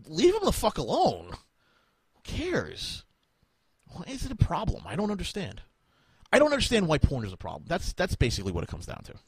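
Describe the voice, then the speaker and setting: A man ranting on a podcast, cursing constantly and sounding fed up. His voice is husky and swings wildly in pitch, and the recording is dry and close. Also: dry recording. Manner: profane, exasperated ranting. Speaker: podcast host. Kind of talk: casual podcast chat.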